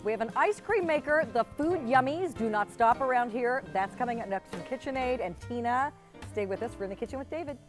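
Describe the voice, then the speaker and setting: A woman's voice: a little high, expressive, a little fast, music in the background. A woman hosting a live home shopping show, chatty and talking while tasting food. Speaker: shopping channel host. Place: TV studio kitchen set.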